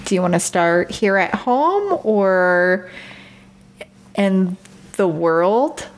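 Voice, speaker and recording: A woman's voice: medium pitch, animated, drawn-out words. A woman co-hosting a chat podcast, easygoing and self-deprecating. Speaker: podcast co-host. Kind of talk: casual chat.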